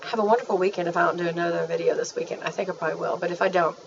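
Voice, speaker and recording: A woman's voice: on the low side, steady tone, rapid-fire, vocal fry, recorded from a distance, noisy background. A woman chatting in a playful, gushing manner as she reviews things for her viewers. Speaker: vlogger. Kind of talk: casual chat. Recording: dull, faint, off-mic home recording.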